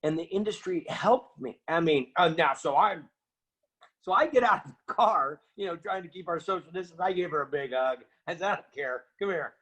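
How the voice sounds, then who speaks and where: A middle-aged man, an interview guest, telling an animated story and acting out the voices of people in it. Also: a little high, normal speed, slightly rough. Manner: energetic, acts out quoted voices.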